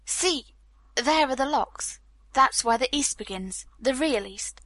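A woman reading the lines of a lively, teasing young Californian woman in an audiobook, with a light, slightly wistful manner. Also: high voice, slow, dry recording, exaggerated voice.

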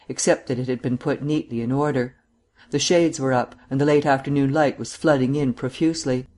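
A man reading a mystery novel aloud as narrator, with a steady, measured delivery. His voice sits at an ordinary middle pitch for a man. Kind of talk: audiobook narration.

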